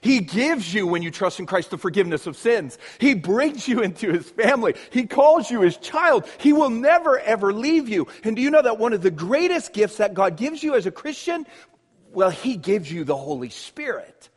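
A male pastor preaching a sermon with emphatic, drawn-out pauses. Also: high voice, big pitch swings, big-room sound.

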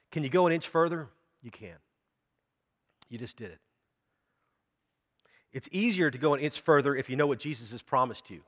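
A man delivers a sermon in a conversational way, putting questions to the congregation. His voice sits at a medium pitch. A long reverb from the church hall trails every phrase. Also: moderate pace, pauses often, a bit bright. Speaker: pastor.

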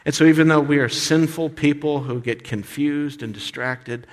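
Man preaching in a reverberant hall. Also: mid-range voice. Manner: animated, acts out voices of complaining people. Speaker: pastor. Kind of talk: sermon.

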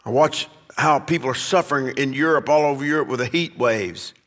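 A man's voice: on the high side, a bit bright, big-room sound. A man preaching a sermon as pastor, swelling to emphatic peaks as he drives his points home. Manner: preaching, rising and emphatic at climaxes.

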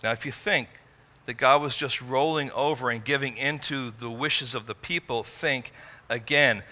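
A man preaching a sermon in an earnest way, rising to emphatic peaks and dropping low and quiet. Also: normal speed. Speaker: pastor.

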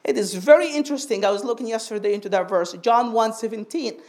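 With a high, bright voice, a woman gives a sermon to her congregation, teaching patiently and asking again and again for an amen. Key phrases get stretched out slowly for emphasis.

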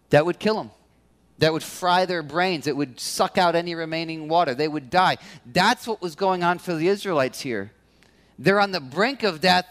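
A male pastor preaching a sermon, animated, acting out quoted complaints in a raised voice. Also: sits high.

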